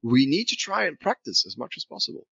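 A man's voice: on the high side, big pitch swings, fast, creaky, sharp tone, husky, no room sound, muffled recording. A man teaching an English grammar lesson to Spanish speakers, asking and answering his own questions and switching into Spanish to explain.

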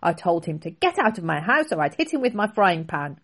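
A woman's voice: fairly low pitch, sing-song, fairly quick, a bit bright. A woman voicing a tiny, feisty old grandmother who scolds indignantly, in a storybook reading.

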